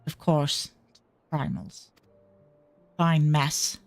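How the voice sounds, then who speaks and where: A woman voicing a gruff, weary man from a game, speaking in a low, grim mutter. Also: flat delivery, very slow, no room sound, faint music behind.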